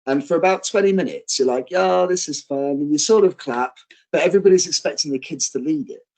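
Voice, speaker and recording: A male professional wrestler and trainer, a guest telling stories in a casual interview, animated and acting out quotes. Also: on the high side, fast talker, low-quality recording. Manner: animated, acts out quotes, fillers and restarts.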